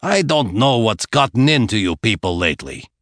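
A man doing a gruff old herdsman in his sixties, growling and scolding, lively swings in the voice, a dry close sound with no room around it, an audiobook character. The old man is stern and quick to anger. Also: fairly low pitch, dry recording. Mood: angry. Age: 60s.

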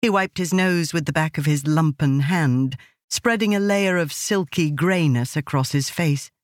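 A woman narrating an audiobook in a measured, expressive storytelling manner. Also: low-pitched, dry recording, studio quality. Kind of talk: scripted narration.

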